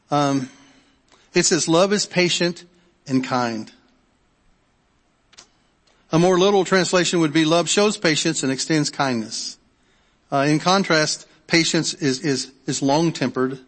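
A man's voice: fairly high pitch, a bit bright. A middle-aged male pastor preaching a sermon in a conversational way, often repeating words and checking in with the congregation. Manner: conversational, repeats words and restarts, asks the audience. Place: church sanctuary. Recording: long hall reverb.

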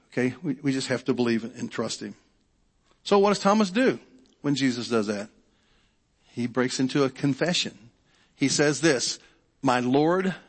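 Conversational preacher in a reverberant church hall. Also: male voice, medium pitch. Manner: conversational, repeats words, checks in with the congregation. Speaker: pastor. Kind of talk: sermon. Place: church sanctuary.

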